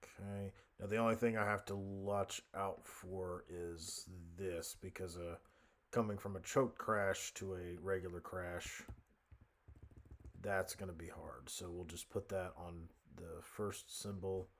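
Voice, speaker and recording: A man with a deep, low voice talks through a composition tutorial at his desk mic. He thinks aloud, hesitating and correcting himself as he works. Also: fairly even intonation, unhurried, fairly bright tone, slight background noise. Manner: thinking aloud, many fillers and self-corrections. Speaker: music composition instructor. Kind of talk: casual screen-recorded tutorial narration.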